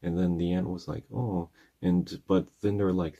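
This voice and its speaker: A man's voice: low voice, steady tone, moderate pace, warm tone. A man in his thirties giving a casual, earnest movie review, retelling the plot in long rambling strings of "and then". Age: 30s. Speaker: channel host reviewing a movie.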